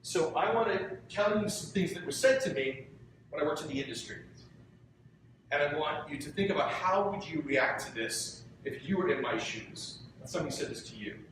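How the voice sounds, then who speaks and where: A middle-aged man speaks earnestly to students, asking them questions as he goes. His voice sits a little on the high side and comes from some distance away. A heavy echo fills the lecture room around him. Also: a bit bright, a little hiss or hum. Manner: earnest, conversational, poses questions to the audience. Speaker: guest lecturer. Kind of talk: public talk to students. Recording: very echoey hall, voice from far off.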